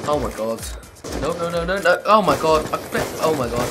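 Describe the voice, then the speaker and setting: A man hosting a gaming video, commenting on play as it happens, excitable with loud outbursts and trash talk. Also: on the high side, brisk. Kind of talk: live gameplay commentary. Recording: voice over loud game music.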